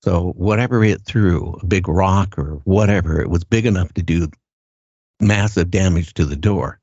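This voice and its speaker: An older man telling his story in a halting, earnest way, often repeating words as he goes. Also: low voice, darkish tone, husky, no echo. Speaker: guest recounting an encounter. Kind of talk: casual first-person storytelling. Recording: dull lo-fi sound.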